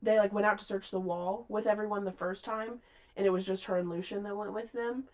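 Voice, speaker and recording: A woman co-hosting a casual book podcast, retelling scenes with lively acted-out lines. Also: mid-range voice, fairly quick. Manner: animated, acts out characters' lines mid-story. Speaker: podcast co-host.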